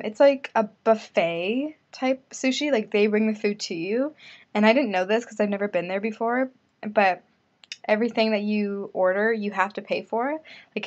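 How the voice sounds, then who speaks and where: A woman's voice: medium pitch, highs cut off. A young woman telling a casual vlog story, chatty and full of "like" fillers. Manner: chatty, filler-heavy with lots of "like". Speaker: vlogger.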